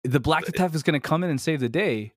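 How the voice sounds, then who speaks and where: A man's voice: a little high, expressive, quick pace, no room sound. A man in a casual podcast discussion, talking eagerly and filling his speech with "like" and "man". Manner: enthusiastic, heavy use of "like" and "man". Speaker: podcast guest, ministry podcaster.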